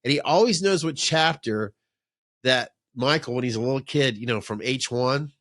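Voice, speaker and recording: A man's voice: mid-range voice, moderate pace, a bit bright, no room sound, clean studio sound. A man hosting a podcast, telling rambling, profane stories in casual chat. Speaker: podcast host. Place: man-cave podcast room.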